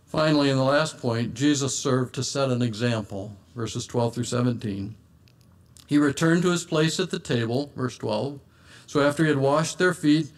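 A man preaching an earnest sermon and reading scripture aloud in old-fashioned wording. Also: mid-range voice.

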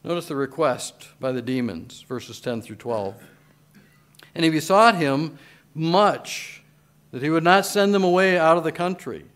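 A man's voice: fairly high pitch, animated, measured pace, fairly bright tone. A man preaching a sermon as pastor, reading scripture with emphatic, swelling delivery. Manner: emphatic scripture reading in old-style wording.

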